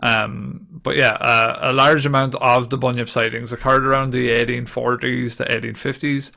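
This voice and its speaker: Host: English man, very gravelly voice, flat delivery, casual podcast chat. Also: medium pitch, normal speed. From England. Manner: chatty, laughs easily, reads notes aloud.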